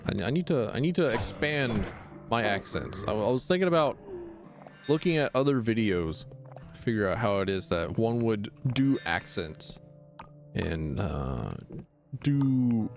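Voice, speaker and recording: A man with a lowish voice chats loosely during a game stream. His speech swings widely up and down, full of stammered restarts and offhand jokes. Soft game music sits faintly underneath. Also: expressive, measured pace. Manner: rambling and stammering, with frequent restarts and jokey asides. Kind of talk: casual let's-play commentary.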